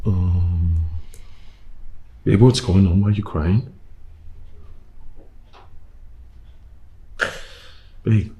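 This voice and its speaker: An actor playing a young husband, speaking with a Nigerian accent, hesitant and stammering in a film drama. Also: male voice, low-pitched, slow, muffled recording, slight background noise. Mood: concerned. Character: young husband, apologetic and sheepish.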